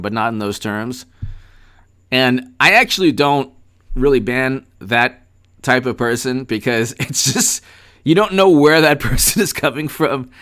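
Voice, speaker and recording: A man's voice: medium pitch, fairly bright tone. Sarcastic male livestream commentator. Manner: sarcastic and mocking. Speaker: political commentator. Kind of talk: livestream commentary reading chat.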